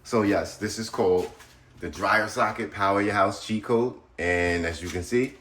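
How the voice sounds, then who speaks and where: A man's voice: on the low side, normal speed, a bit bright, echoey room. A man hosting a casual how-to video, talking straight to viewers in a blunt, chatty way while he works around his house. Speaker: DIY solar video host. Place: house interior, laundry area.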